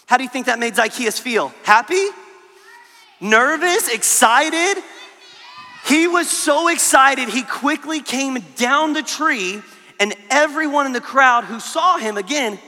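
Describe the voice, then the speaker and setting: An animated man gives a children's sermon at camp. He talks straight to the kids in a very high, bright voice. A long hall reverb follows every phrase. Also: measured pace. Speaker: camp speaker.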